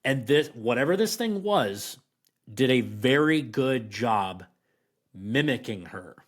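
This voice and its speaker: A man of middle pitch telling a personal story as a podcast guest, rambling through fillers and restarts. He slows down and leans on key phrases for emphasis, keeping the tone conversational. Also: animated. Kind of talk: casual storytelling.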